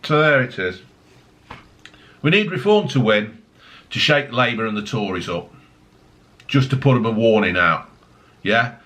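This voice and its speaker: A man's voice: medium pitch, expressive, unhurried, long pauses, a bit bright. A man ranting angrily on his vlog, swearing heavily, mocking people and piling on tag questions. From United Kingdom. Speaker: vlogger. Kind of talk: angry political rant.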